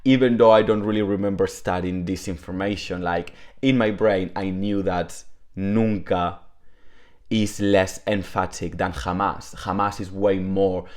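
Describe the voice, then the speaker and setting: A man whose first language is Spanish, chatting casually through an online Spanish lesson, full of "like" fillers, at home. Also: lowish voice. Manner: chatty, many "like" fillers, talks to his dog. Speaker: language teacher.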